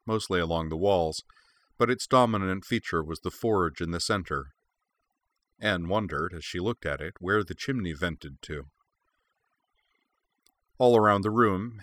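Man narrating fantasy audiobook, very deep, bright tone, dry close mic. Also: no room sound.

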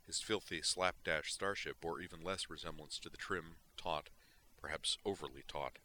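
A man narrating a story in a steady, expressive reading style. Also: low voice, a little hiss or hum. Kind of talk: audiobook reading of fan fiction.

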